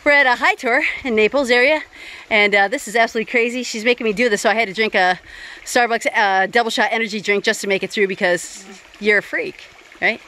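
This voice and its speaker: A woman's voice: on the high side, fast talker, pushed and bright. A woman hosting a casual hiking vlog outdoors on a creek trail, chatty and upbeat with lots of fillers. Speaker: vlog host.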